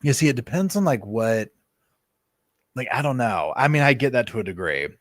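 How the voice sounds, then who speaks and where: A man, hosting a casual live chat from home and telling animated stories full of fillers and asides. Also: medium pitch, normal speed, no echo, studio quality. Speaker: live stream host.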